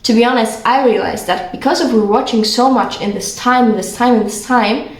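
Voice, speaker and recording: A woman's voice: fairly high pitch, echoey room. A young woman from Poland with a Polish accent, talking earnestly and rambling through a casual vlog monologue full of fillers. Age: young adult. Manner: earnest, rambling, filler-heavy, quick bursts. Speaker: vlogger.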